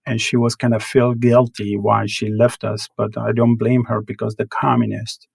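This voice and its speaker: A man, telling his life story as a podcast guest in halting, earnest, English. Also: mid-range voice, level tone, vocal fry, breathy edge, no room sound, low-quality recording. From Afghanistan. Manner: halting non-native English with broken grammar, earnest. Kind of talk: personal life story in interview.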